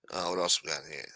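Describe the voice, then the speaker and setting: A man's voice: rumbling low, sharp tone, no room sound, rough recording. Brash, profane New man. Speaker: livestream host. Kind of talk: casual news commentary on a stream. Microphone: streaming mic.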